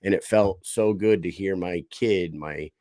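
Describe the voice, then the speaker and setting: A man, co-hosting a loose podcast and spinning stories with plenty of swearing. His voice sits fairly low and sounds dry and close, with no room around it. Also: a little slow, no room sound. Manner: boisterous, swears freely, animated storytelling. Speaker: podcast co-host. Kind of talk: casual profane chat.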